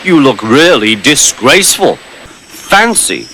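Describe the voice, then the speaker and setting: A man's voice: medium pitch, very animated, slow, bright, forceful tone, slight background noise, pitched above the performer's own voice, heavily acted, poor audio. A man voicing a small, cheeky male tank engine in a mocking, gleeful way. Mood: gloating.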